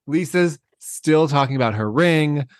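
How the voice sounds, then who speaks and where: A man's voice: fairly high pitch, animated, measured pace, dry recording, clean studio sound. A man podcast co-host in casual gossip chat, recapping a story and laughing often.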